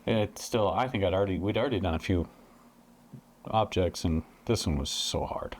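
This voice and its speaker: A man's voice: deep voice, normal speed, darkish tone, a little hiss or hum. A man co-hosting a lesson, giving brief, laid-back replies and reading principles aloud. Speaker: co-host and image processor.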